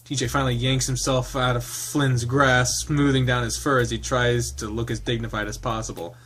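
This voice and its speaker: Man, game streamer, reads a visual novel aloud, halting, laughs often. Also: mid-range voice, flat delivery, a bit bright, slight background noise.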